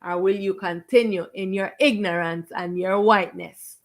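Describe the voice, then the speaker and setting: A woman's voice: medium pitch, steady tone, normal speed. A woman acting as a spiritual teacher, preaching to viewers on a live stream in an emphatic, confrontational way. She stretches out stressed words and repeats her phrases.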